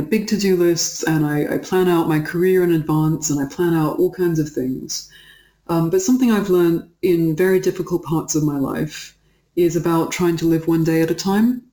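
A guest talking casually in an interview, chatty and animated, often saying "like". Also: medium pitch, reverberant. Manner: chatty and animated, with frequent "like" fillers and laughter.

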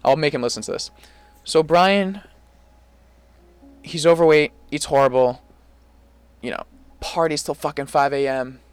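A young man co-hosting a podcast, casually telling an animated story full of swearing. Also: fairly high pitch, a little slow, pauses often, clear, resonant tone, no room sound, faint music behind. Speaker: podcast co-host. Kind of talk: casual chat.

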